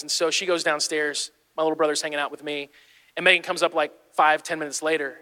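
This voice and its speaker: Man, 30s, pastor, sermon, high voice, storytelling, urgent exhortation. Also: fairly even intonation, fast talker, pushed and bright. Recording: long hall reverb.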